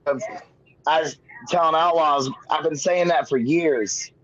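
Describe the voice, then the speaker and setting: A man's voice: fairly high pitch, slow, fairly bright tone, dull audio. A man on a group voice call, cracking dry, crude jokes. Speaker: call participant. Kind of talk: casual banter on a group call.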